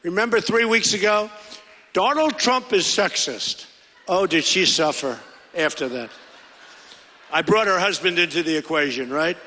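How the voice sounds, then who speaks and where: A middle-aged man with a high, bright, forceful voice gives a campaign rally speech. He rambles and repeats himself, dropping offhand asides to the crowd. His voice booms through a large hall with a long, echoey reverb. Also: lively intonation, normal speed, a little hiss or hum. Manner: rambling and repetitive, with conversational asides. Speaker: political candidate.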